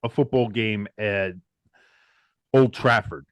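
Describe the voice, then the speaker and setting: Sports podcast co-host, man, animated, profane, ranting; dry, close sound. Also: fairly low pitch, slow pace, dry recording. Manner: animated, swears freely, ranting. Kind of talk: casual sports chat.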